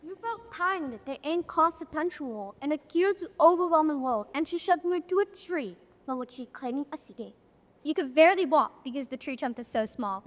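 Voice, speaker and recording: A young woman's fairly high voice carries across an echoey auditorium as she narrates a school play, heard from a distance. She speaks briskly and expressively, wryly telling the story right to the audience.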